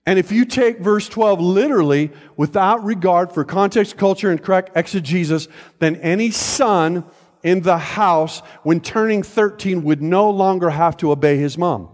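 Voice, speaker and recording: A fairly high-voiced older man preaching in a church, his words trailing into a long hall reverb. He keeps it conversational, dropping jokes and checking whether his listeners are still with him. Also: moderate pace. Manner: conversational, joking asides, checks in with the congregation. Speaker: pastor. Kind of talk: sermon. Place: church sanctuary.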